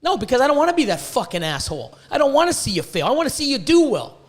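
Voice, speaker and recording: A man's voice: very high-pitched, big pitch swings, rapid-fire. A man hosting a podcast, ranting bluntly with constant swearing about breeding reptiles. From Canada. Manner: profane, heated, blunt.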